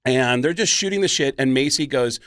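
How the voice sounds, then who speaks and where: A man, a guest comedian, telling animated stories in a casual chat, slipping into impressions. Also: mid-range voice, fairly quick, dry recording, studio quality. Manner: animated storyteller who slips into impressions.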